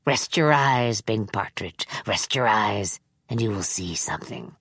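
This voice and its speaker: A woman voicing a sinister old man who lures children, speaking slowly in a low hushed half-whisper in an audiobook reading. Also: animated, husky, no echo, exaggerated voice. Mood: coaxing. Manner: slow, solemn, coaxing. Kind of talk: audiobook character voice.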